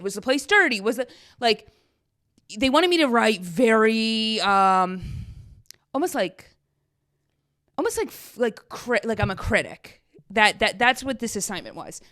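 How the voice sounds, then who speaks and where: A woman's voice: on the high side, a bit bright. Chatty woman in her thirties. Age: 30s. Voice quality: chatty, many "like" fillers, quotes herself. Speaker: podcast host. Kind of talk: casual storytelling monologue.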